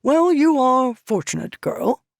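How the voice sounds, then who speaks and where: A woman's voice: sits high, sing-song, slow, vocal fry, no room sound, studio quality, voice pushed up, full character voice. A woman voicing a grumbling proud male scholar. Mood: grudging. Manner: clips 'the' to 't'', a rustic way of speaking. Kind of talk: audiobook character voice.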